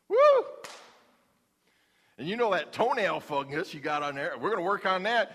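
Male pastor, folksy humorous sermon, high pitch, echoing sanctuary. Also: expressive, a little slow, long pauses, pushed and bright, slightly rough. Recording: long hall reverb.

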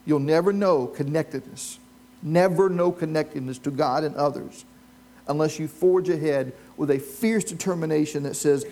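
A man's voice: a little high, moderate pace, darkish tone. A man preaching a sermon, telling stories and asking the congregation questions. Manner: storytelling, asks the congregation questions. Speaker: pastor. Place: church with a live congregation.

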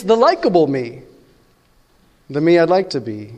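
Man, pastor, high voice, conversational sermon, long hall reverb. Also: huge pitch swings, a little slow, a little mellow. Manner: conversational preaching with frequent "right?" asides.

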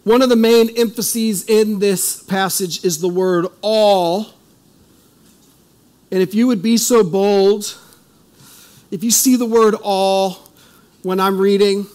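Man, pastor, high-pitched voice, church sermon, conversational, slow emphatic scripture reading. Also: darkish tone. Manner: reads scripture slowly with emphasis; conversational, asks the congregation questions. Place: church service.

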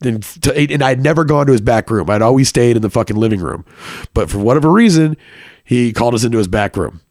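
A man telling a personal story in a loose, casual way, swearing freely and using plenty of filler. His voice is mid-pitched, and the recording is dry and close. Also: animated, fast talker, a little mellow, no room sound.

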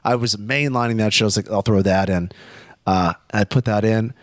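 A young man telling a story in casual chat, animated, swearing often and acting out quotes. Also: lowish voice, brisk, dry recording, clean studio sound.

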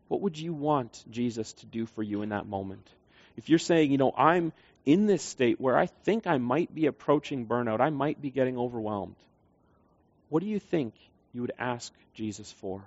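A man's voice: mid-range voice, a little mellow. A man preaching a sermon as pastor in a church, earnest and conversational, putting questions to the congregation. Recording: slightly dull, lo-fi sound.

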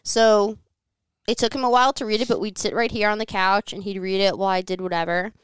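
A woman's voice: mid-range voice, little pitch movement, quick pace, clear, resonant tone, no room sound. A woman guest telling a personal story in casual conversation, candid and frank, with plenty of "like" and the odd curse. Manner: frank, profane, filler-heavy with frequent "like". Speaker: podcast guest. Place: home living room.

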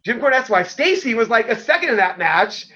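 High-voiced man rambling through war stories. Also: big pitch swings, brisk, sharp tone. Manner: rambling, filler-heavy, swears freely. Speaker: former pro wrestler, guest. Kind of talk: casual storytelling. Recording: dull lo-fi sound.

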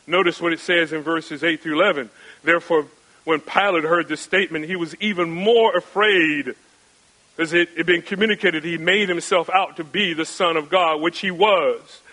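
A man preaching an expository sermon, asking rhetorical questions and repeating phrases for emphasis, swinging between raised and hushed delivery. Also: a little high, fairly even intonation, moderate pace, rough recording. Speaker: pastor.

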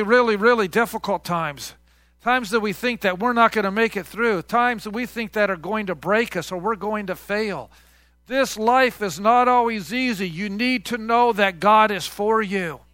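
A man delivers a sermon as pastor, his voice pitched high and ringing bright. He talks in a chatty, conversational way and asks the congregation questions for them to answer back. The sound is dry and close. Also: no echo. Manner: conversational, call-and-response with congregation.

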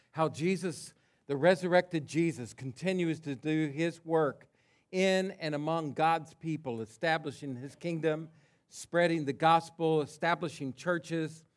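A pastor preaching a sermon to his congregation in a conversational way, telling a story with quiet asides. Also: on the high side.

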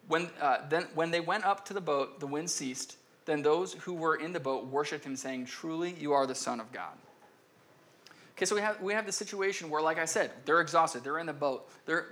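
A man's voice: on the high side, sharp tone. A young man giving a casual, conversational sermon, often acting out voices in the story and restarting his sentences. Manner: conversational, acts out quoted voices, frequent restarts. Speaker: pastor.

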